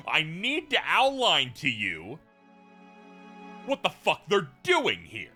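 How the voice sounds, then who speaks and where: Guy doing a game let's play, super bouncy pitch, cussing and cracking up, faint music behind. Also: slow. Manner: animated, profane, laughing asides. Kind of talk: video game commentary.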